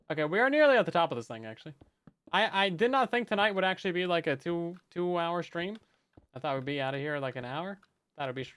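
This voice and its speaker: A man with a somewhat high, clear, smooth voice talks loosely through a live game stream. He jokes along with viewers and often doubles words as he restarts a thought. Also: fairly bright tone. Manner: chatty, joking, often repeats words as he restarts. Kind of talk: casual live-stream chat while gaming.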